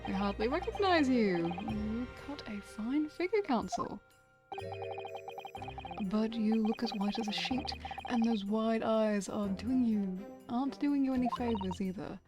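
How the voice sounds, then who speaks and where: A woman's voice: a little high, measured pace, natural voice. Woman playing a dignified middle-aged father, stately, fussy, raised voice, game music under it. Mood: fatherly. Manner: stately and fussy, reading the lines aloud.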